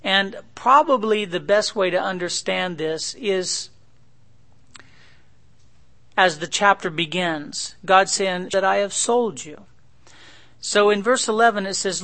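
A man's voice: sits high, slow, vocal fry, pauses often, bright, forceful tone. A middle-aged man preaching an expository sermon, reading scripture with rising emphasis and often correcting himself mid-phrase. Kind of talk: sermon, expository Bible teaching.

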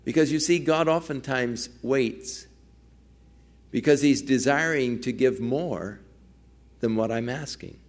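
A man's voice: medium pitch, slow. A male pastor preaching a sermon, telling a story earnestly and acting out its quoted dialogue.

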